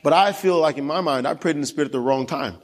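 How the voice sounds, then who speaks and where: A man's voice: on the high side, quick pace, long reverb tail. A young man preaching a sermon, telling a family story and asking the congregation questions. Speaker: pastor. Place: church.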